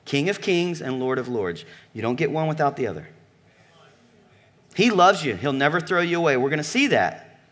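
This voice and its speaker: A man preaching a sermon with emphatic delivery, shifting from loud calls to low murmurs and asking the congregation questions. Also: sing-song, normal speed. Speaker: pastor.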